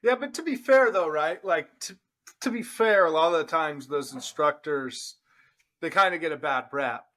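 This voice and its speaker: A man's voice: on the high side, moderate pace, sharp tone. A man hosting a podcast, asking questions in a casual chat and hedging his opinions, often tagging his lines with "right?". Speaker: podcast host.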